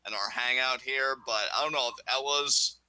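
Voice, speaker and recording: A man's voice: mid-range voice, steady tone, moderate pace, pushed and bright, clear, resonant tone, no room sound, low-quality recording. A man co-hosting a live wrestling reaction chat, tossing out dry, sarcastic quips. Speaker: co-host of a wrestling reaction show.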